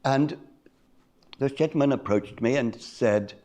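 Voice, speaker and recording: An older man telling a personal story at a conference, measured and reflective, with pauses. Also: mid-range voice, a little mellow. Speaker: conference speaker. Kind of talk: personal story told in a talk.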